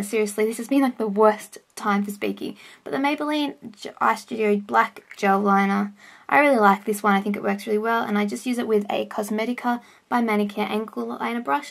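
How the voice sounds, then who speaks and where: Chatty young woman, gravelly edge. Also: mid-range voice, steady tone, brisk. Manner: chatty, rambling with self-corrections. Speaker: vlogger. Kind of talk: casual makeup tutorial vlog. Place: home, indoors. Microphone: camera on a stand close by.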